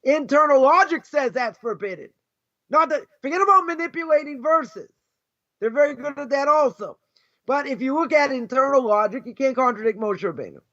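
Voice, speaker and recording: Emphatic high-voiced Boston rabbi teaching. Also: male voice, animated, fairly quick, a bit bright. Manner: emphatic, rhetorical, repeats key phrases. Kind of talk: informal Torah lesson. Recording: dull lo-fi recording.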